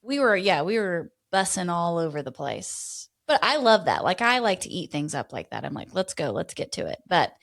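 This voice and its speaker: Woman co-host, casual chat, very expressive pitch, lively. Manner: lively, quick to laugh. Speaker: podcast co-host.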